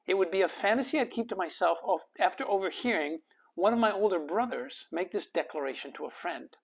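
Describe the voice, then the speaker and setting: A man from Canada reading his own memoir aloud, soft and intimate, sometimes dropping to a whisper. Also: high voice, expressive, a little fast, slightly rough. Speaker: author and life coach.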